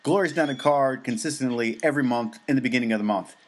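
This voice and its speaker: An American man co-hosts a podcast, chatting casually and rambling with many fillers and restarts. His voice is medium-pitched and quick.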